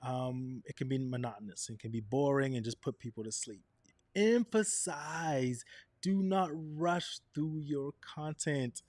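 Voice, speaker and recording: A man's voice: medium pitch, unhurried, no echo. A man teaching a session on camera presence, asking "right?" often and changing his tone to show his points. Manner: animated, varies tone to demonstrate points, frequent "right?". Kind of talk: presentation coaching.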